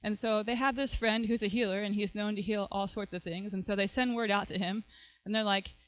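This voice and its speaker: A woman's voice: medium pitch, steady tone, a little fast, hardly any pauses, poor audio. A woman pastor preaching a sermon, retelling a story in a conversational way and often checking in with "right?".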